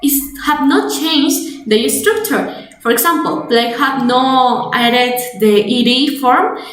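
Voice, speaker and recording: High-voiced teacher with a Spanish accent. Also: female voice, slow, fairly bright tone, reverberant. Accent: Spanish-speaking. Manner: explanatory, repeats and restarts, code-switches to Spanish. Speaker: English teacher. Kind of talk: webinar grammar lesson.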